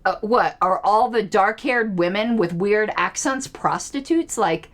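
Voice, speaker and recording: A woman's voice: mid-range voice, expressive, unhurried. A woman hosting her own channel, rambling through a casual discussion of a TV episode, laughing often and thinking aloud as she tries to recall names. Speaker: political commentary channel host.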